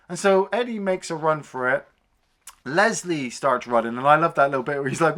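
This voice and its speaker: A man recaps a film on a review podcast in a bright, forward voice. His delivery is casual and animated, with free swearing, and he often jumps up in pitch to act out lines from the scenes. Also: brisk. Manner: animated retelling, swears freely, acts out scenes in raised voices.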